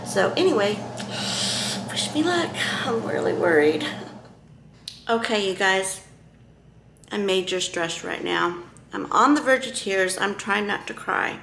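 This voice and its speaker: Woman vlogger, unhurried and hesitant delivery, echoey room with faint hiss. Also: mid-range voice, creaky, fairly bright tone. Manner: halting, with many fillers and restarts. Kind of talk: casual vlog talk to camera.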